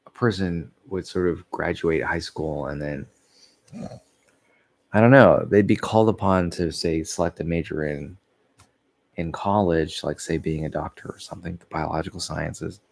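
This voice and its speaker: Man, very low voice, gravelly creak, sleepy and yawning, meandering casual vlog talk. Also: moderate pace, long pauses. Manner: meandering, loses his thread, laughs softly at himself. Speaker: vlogger. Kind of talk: casual rambling monologue.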